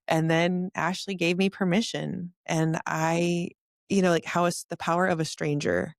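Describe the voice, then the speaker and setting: A woman's voice: lowish voice, a little fast, no echo, clean studio sound. A woman hosting a podcast in a casual, heartfelt chat, telling stories with many "like" fillers. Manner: warm gushing storyteller, many "like" fillers. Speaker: podcast host. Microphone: studio microphone.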